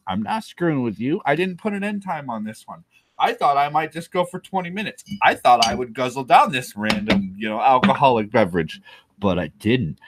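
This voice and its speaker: A man hosting a live stream alone, drunk and rambling in a jokey, self-mocking way. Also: on the low side.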